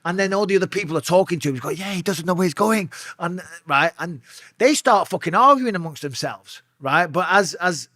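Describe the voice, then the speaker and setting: Male interview guest with a bright, slightly high voice, spinning an animated, foul-mouthed yarn; dry close mic. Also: a little fast, dry recording. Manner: profane, animated, acts out voices in his stories. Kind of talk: casual storytelling.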